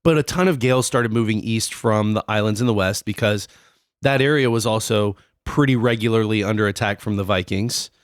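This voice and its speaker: A man's voice: on the low side, a little fast, no room sound, clean studio sound. A man co-hosting a casual podcast, explaining history in a loose, rambling way with many fillers. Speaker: podcast co-host.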